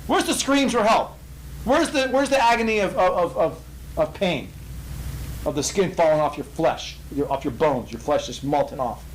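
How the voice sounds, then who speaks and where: A man's voice: on the high side, animated, moderate pace, a little hiss or hum, natural voice, poor audio. A man voicing a startled ancient king who exclaims in rising disbelief at what he sees. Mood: incredulous.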